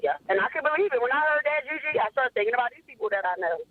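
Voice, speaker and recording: A woman's voice: high-pitched, expressive, racing. A woman, calling in to a show and talking bluntly and with emphasis, repeating herself. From Philadelphia area. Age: 30s. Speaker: caller. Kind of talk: casual phone-in chat. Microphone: phone. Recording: tinny phone line.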